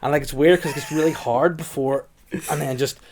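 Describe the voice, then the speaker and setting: A young man, hosting a casual comedy podcast. He tells absurd tall tales with a straight face and a steady, matter-of-fact delivery. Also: a little high, brisk, a little hiss or hum. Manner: deadpan absurd storytelling. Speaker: podcast host.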